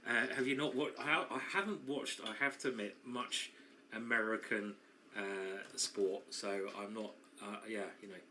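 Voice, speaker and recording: A man's voice: medium pitch, normal speed, pushed and bright, slight background noise. A man commentating live on a chess tournament, chatty and self-mocking, who often breaks into laughter while bantering with his co-host.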